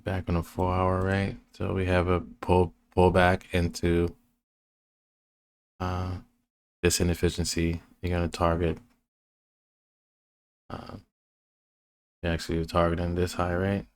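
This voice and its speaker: Low-pitched male trading educator, slow and flat, loose rambling walkthrough. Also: clean tone. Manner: rambling, restarts often, many fillers. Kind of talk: casual chart walkthrough.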